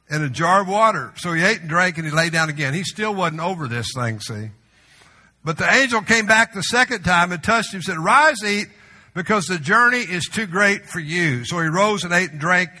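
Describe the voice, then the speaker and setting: A male pastor preaching a sermon in a church, conversational with humorous asides, sometimes dropping to a soft, slow voice. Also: a little high. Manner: drops to a soft, slow voice for tender moments. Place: church sanctuary. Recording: long reverb of a large hall.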